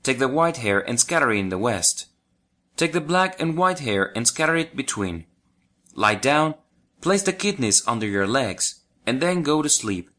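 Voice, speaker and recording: A man's voice: mid-range voice, very animated, normal speed, fairly bright tone. A man voicing a wise female yak-like animal who tells a boy how to escape, in a children's storybook. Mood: calm instructive.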